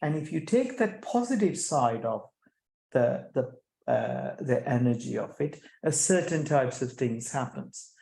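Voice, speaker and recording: A middle-aged man speaking as a guest, animated, often restarting and repeating words and putting rhetorical questions to the audience. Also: mid-range voice, a little slow, creaky. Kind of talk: conversational talk at an online chapter event. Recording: echoey room sound.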